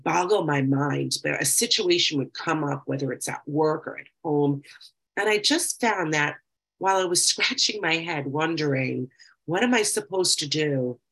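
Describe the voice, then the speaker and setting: Low gravelly woman, reflective. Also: fairly bright tone, rough recording. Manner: reflective, reads passages aloud slowly then talks freely. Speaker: speaker sharing recovery experience. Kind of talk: personal talk with reading aloud.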